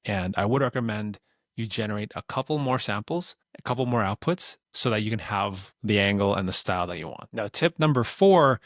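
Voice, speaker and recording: Relaxed man explaining a tutorial. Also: on the low side, fairly quick, dry recording, clean studio sound. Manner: relaxed, explanatory, plain-spoken. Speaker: tutorial creator. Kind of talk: instructional screen-recording explanation.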